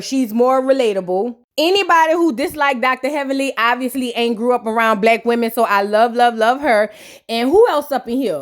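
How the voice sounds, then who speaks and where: A high-voiced woman reviews reality TV with casual reaction commentary. She's sassy, gossipy, slangy, and animated.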